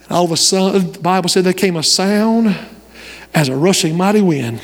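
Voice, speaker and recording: A man pastor delivering an impassioned sermon, rising to shouts and dropping to hushed pleas. His voice sits high for a man. Long reverb from a large church sanctuary trails every phrase. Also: fairly quick. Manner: impassioned preaching, shifting between shouts and hushed lines.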